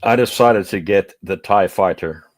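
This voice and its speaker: A man's voice: low voice, moderate pace, no room sound. A man on a live stream panel, easygoing and chatty. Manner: easygoing, laughs often. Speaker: guest panelist. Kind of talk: casual live-stream chat.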